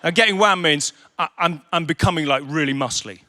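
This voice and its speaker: A man's voice: sits high, quick pace, hardly any pauses. A man preaching a sermon at a leaders' conference, telling stories with humour and acting out the voices of the people he quotes. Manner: animated storytelling with humour. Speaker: conference speaker. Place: conference venue.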